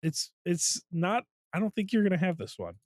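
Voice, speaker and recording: A man's voice: high-pitched, big pitch swings, normal speed. A man co-hosting a casual podcast, telling movie scenes in an easygoing way and acting out the quotes. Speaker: podcast co-host. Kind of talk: casual chat.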